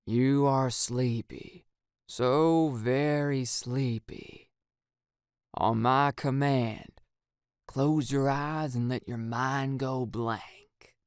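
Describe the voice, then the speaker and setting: A man's voice: mid-range voice, smooth, no room sound, studio quality. A man voicing an eager teenage boy hypnotist. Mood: slow monotone. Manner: slow monotone chanting when hypnotizing.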